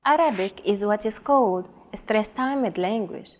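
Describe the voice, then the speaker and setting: A woman co-hosting a language lesson, modeling pronunciation in a careful, deliberate way. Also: medium pitch, a little hiss or hum. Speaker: co-host giving pronunciation examples.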